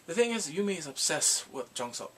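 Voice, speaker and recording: Animated young man recapping with gusto. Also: a little high, fairly quick. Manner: animated, dramatic storytelling with exclamations. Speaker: drama reviewer. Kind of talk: casual recap vlog.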